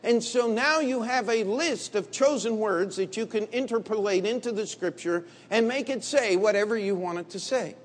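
A man preaching a sermon in a blunt, combative way, dropping to low murmurs and rising to loud emphatic bursts. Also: moderate pace, hardly any pauses. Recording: long hall reverb.

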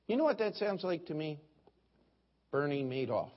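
A man's voice: on the high side, sing-song, normal speed. A middle-aged man preaching a sermon as pastor, telling folksy stories and mimicking other preachers. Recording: dull lo-fi sermon recording.

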